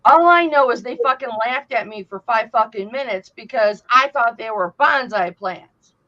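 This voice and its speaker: A woman's voice: a little high, normal speed. A woman hosting a casual chat, telling stories with lots of swearing and acting out what people said. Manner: animated storyteller, swears freely, acts out quotes. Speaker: host. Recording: dull lo-fi sound.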